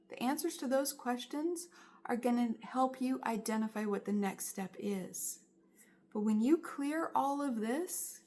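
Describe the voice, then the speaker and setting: Slow, earnest woman giving a tarot reading. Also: fairly high pitch, darkish tone. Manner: earnest, encouraging, emphatic. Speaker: tarot reader. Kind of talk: spiritual tarot reading monologue.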